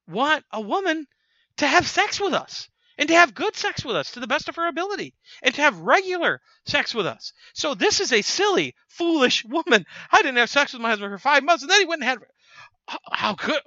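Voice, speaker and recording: Preachy guy ranting on his show, high bright voice, dry and kinda muffled lo-fi audio. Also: dry recording. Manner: emphatic, preachy, lots of restarts. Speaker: host. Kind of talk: opinion commentary.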